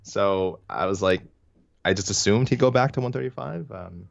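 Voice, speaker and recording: Animated man with a low, dull-sounding voice. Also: moderate pace, gravelly. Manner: animated, rambling, self-correcting. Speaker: podcast co-host. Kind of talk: casual sports chat.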